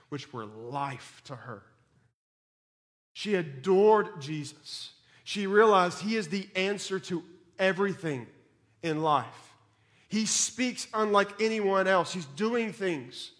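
A man preaching a sermon in an emphatic way, swinging between loud and soft and repeating words when he stumbles. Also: a little high.

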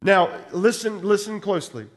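A man's voice: sits high, moderate pace, long reverb tail. A man preaching a sermon, teaching verse by verse and stopping often to ask his listeners "okay?". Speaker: pastor.

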